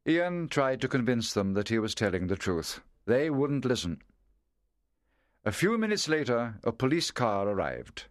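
A man narrating a story in a measured, clear reading voice. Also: mid-range voice, sing-song, dry recording, studio quality.

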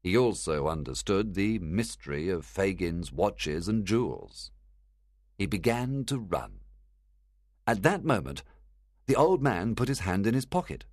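A man narrating a storybook in a clear, measured reading. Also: low-pitched, sing-song, darkish tone, no echo, studio quality. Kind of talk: storybook read-aloud.

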